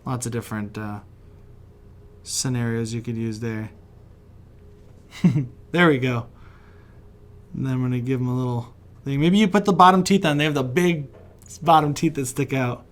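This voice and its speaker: Sketching as he goes, a West Virginia man teaches kids to draw, friendly and encouraging and quick to laugh. His mid-range voice moves at a moderate pace, broken by long pauses.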